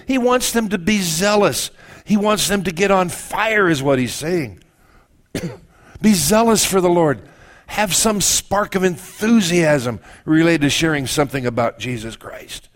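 An older male pastor delivers an animated sermon in a slightly raised voice. He breaks off into joking asides and quick corrections before pressing his point again. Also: fairly high pitch.

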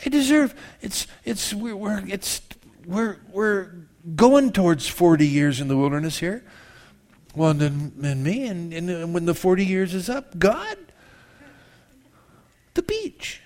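Male pastor, 50s, preaching in church, self-mocking, loud to hushed, slightly high voice. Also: measured pace. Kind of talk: sermon.

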